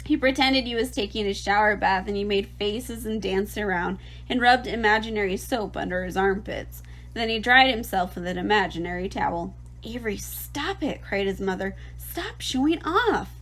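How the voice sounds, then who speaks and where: A woman teacher reading a children's novel aloud in an expressive, lively way. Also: medium pitch, low-quality recording.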